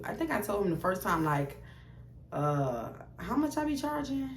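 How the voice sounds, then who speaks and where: A woman's voice: mid-range voice, sing-song, normal speed, vocal fry, reverberant, a little hiss or hum. A young woman, telling a blunt, profane story to camera and acting out both sides of the dialogue. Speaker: storytime vlogger.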